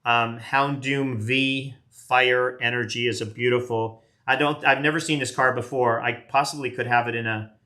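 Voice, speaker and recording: A man's voice: mid-range voice, steady tone, normal speed, hardly any pauses, pushed and bright. A man in his late fifties, chatting casually as he opens trading card packs on a live stream, rambling and self-deprecating. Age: 50s. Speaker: card collector doing a live box break.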